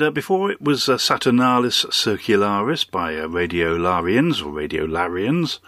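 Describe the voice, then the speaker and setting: Very deep-voiced radio host. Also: male voice, sharp tone, dry recording. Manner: dry, rambling, lots of uhs. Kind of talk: casual radio presenting.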